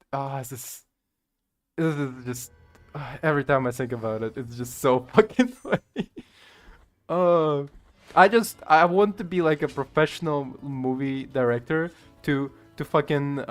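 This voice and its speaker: A man from Ukraine with a Ukrainian accent, rambling through casual gameplay commentary, chuckling and swearing often. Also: a little high. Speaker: gamer streamer.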